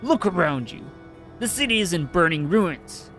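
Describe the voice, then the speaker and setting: A man's voice: sits high, big pitch swings, moderate pace, a bit bright, soft background music, pitched above the performer's own voice, exaggerated voice. A man voicing a bellowing zealot crusader. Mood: zealous. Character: ruthless fanatical male crusader, secret traitor.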